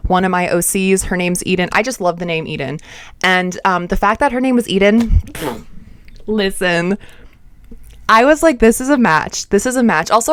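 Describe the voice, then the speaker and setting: Woman, casual book review chat, rambling with lots of fillers, smooth clear tone, dry close sound. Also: on the low side, fairly bright tone, no echo. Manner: chatty, talks straight to viewers. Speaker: book channel host.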